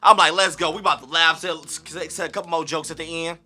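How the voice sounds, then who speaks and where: A man hosting a reaction video, talking in an animated, slangy, excitable way. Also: on the high side, fast. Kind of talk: casual reaction commentary.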